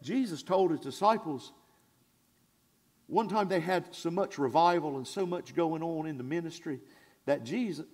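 A male pastor preaching a sermon in a church, swinging from shouted declarations to hushed asides in a folksy, conversational way. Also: a little high. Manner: conversational, drawn-out and folksy, with audience call-and-response.

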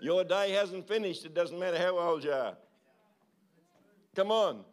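A man's voice: high voice, measured pace. Pastor exhorting his congregation. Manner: exhorting, repeated calls and tag questions. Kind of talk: sermon. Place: church service.

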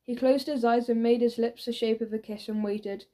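A woman narrating a children's audiobook with lively storytelling. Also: fairly high pitch, normal speed. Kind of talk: scripted narration.

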